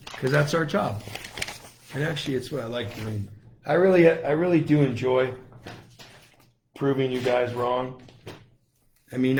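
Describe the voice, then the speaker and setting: A man's voice: fairly high pitch, a little hiss or hum. A middle-aged man from the United States, hosting his own online show and delivering a combative political monologue full of taunting, repeated challenges. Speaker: lawyer and online show host.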